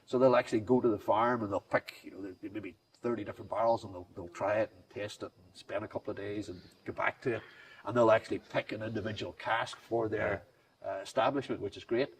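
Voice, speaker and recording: Fast-talking man. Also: fairly low pitch, fairly even intonation. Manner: rambling, enthusiastic salesman talk with restarts. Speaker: whiskey brand founder, guest. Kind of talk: casual interview chat. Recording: distant mic, faint background noise.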